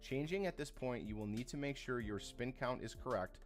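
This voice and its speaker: A man reading scripted narration for a video game speedrun guide in a steady, instructional manner. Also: mid-range voice, fairly quick, soft background music.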